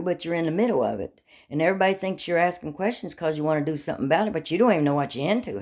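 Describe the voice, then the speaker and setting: A woman's voice: low voice, darkish tone. Rambling, darkly joking woman storyteller. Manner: talkative, darkly joking, laughs often. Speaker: vlogger telling life stories.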